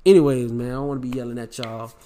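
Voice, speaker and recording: A man's voice: mid-range voice, fairly even intonation, very fast, warm tone. A young man hosting a podcast, talking in a brash, preachy, swaggering way full of slang. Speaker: podcast host. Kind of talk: preachy self-help podcast monologue.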